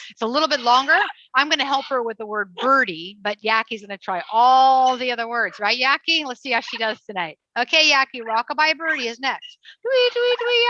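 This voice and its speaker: A woman's voice: on the high side, pushed and bright, no echo, lo-fi sound. A woman presenting a live family show with trained parrots, coaxing and cheering the birds along.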